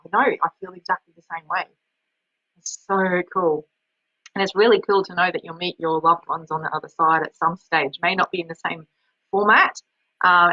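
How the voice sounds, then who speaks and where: A woman's voice: lowish voice, sharp tone, no room sound, lo-fi sound. A woman hosting a webinar, talking casually and rambling with many restarts. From Australia. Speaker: webinar host and healer.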